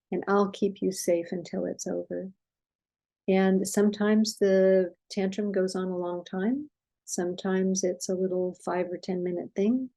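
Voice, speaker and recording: An older woman, a parenting expert, talking gently and explaining with a story in a soothing, unhurried way. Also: on the low side, rough recording. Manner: gentle, soothing, unhurried with soft reassuring quotes.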